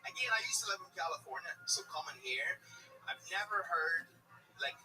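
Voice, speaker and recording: A man's voice: high-pitched, animated, fairly quick, far from the mic, over music, rough recording. A young Northern Irish man, a comedian bantering on stage, dry and offhand with crude jokes. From Northern Ireland.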